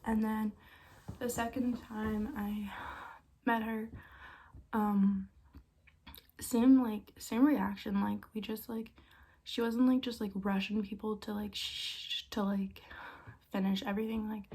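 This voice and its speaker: Breathy young woman chatting casually. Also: medium pitch, flat delivery, moderate pace, mellow. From Canada. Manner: chatty, heavy use of filler words, often half-whispered. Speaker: vlogger. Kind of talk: casual storytime chat.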